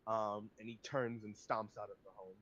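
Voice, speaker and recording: A man's voice: fairly low pitch, little pitch movement, normal speed, a bit bright. A man narrating a tabletop game as game master, hesitant and full of fillers. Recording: dull lo-fi recording.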